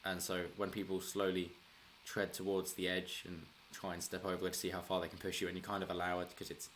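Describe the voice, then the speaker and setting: A man hosting a political commentary channel speaks at a quick pace in a very low, somewhat bright monotone. He rambles loosely through the news alone, restarting sentences and chuckling, with a faint hiss in the background.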